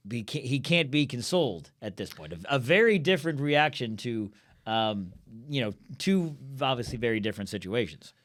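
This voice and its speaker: Co-hosting a casual Bible study podcast, a medium-pitched man reads scripture and acts out the characters in quick, animated voices.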